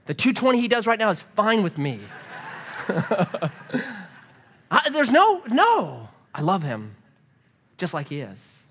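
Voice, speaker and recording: A man's voice: high-pitched, slow, long pauses, a little hiss or hum. A man in his thirties preaching a sermon, telling family stories and acting out the voices in them. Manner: animated storyteller, acts out voices. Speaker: pastor.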